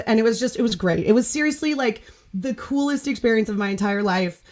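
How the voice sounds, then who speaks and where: A woman's voice: a little high, a little fast, darkish tone. A woman hosting a casual podcast chat over a video call, telling a story in a bubbly, gushing way and laughing often. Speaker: podcast host.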